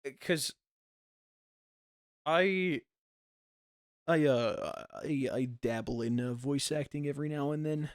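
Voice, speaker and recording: A man's voice: a little high, slow pace, long pauses, no room sound, studio quality. A man, a podcast co-host, telling stories in casual chat and laughing often. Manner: animated storytelling, laughs often.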